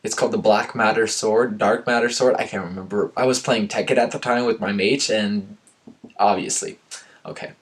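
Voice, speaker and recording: A man's voice: lowish voice, fairly even intonation, moderate pace. A young man reading aloud a story he wrote as a kid, breaking off for sarcastic, self-mocking asides. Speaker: vlogger reading his old story. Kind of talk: reading aloud with joking commentary.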